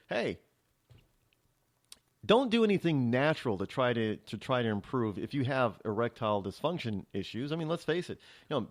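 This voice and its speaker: A man hosting a talk show, delivering a rambling, sarcastic opinion monologue with many restarts. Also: medium pitch. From New England.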